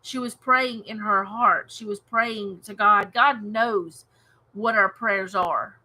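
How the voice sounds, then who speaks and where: Bright-voiced woman leading Bible study. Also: mid-range voice, takes it slowly, poor audio. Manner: earnest, reflective, soft laughs and restarts. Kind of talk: casual home Bible study with scripture reading.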